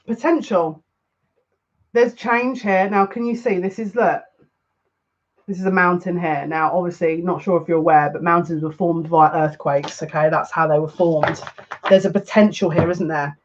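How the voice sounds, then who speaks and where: Male card reader for a live reading: high-pitched, jokey and chatty, dull lo-fi sound. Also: fairly even intonation, moderate pace, a little hiss or hum. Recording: muffled lo-fi audio.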